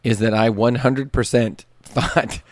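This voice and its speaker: A man co-hosting a podcast in casual chat, deadpan and teasing. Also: medium pitch, measured pace, no room sound, studio quality. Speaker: podcast co-host.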